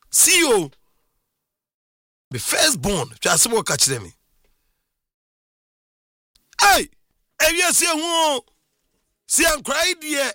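High-voiced, bright middle-aged man. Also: dry recording, studio quality. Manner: animated, exclaiming, laughs often. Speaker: storyteller. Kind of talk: casual personal monologue.

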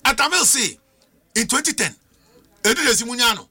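A middle-aged man with a Ghanaian accent makes his case on a political talk show. His voice is very bright and cutting, and his pitch climbs and falls widely. He pushes every point with emphatic rhetorical questions. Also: big pitch swings, a little fast, slightly rough. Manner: emphatic, argumentative, rhetorical questions, mixes languages. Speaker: political panelist.

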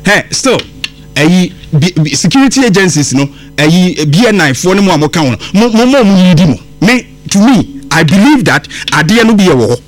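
A man's voice: sits high, big pitch swings, normal speed. A man with a Ghanaian accent hosting a radio show, giving an impassioned commentary that switches between English and Twi.

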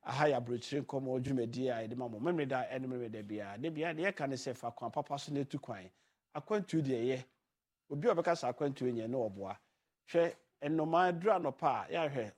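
Man, radio host, casual chat, mixes languages, middle pitch. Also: darkish tone. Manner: mixes languages, chatty and loose.

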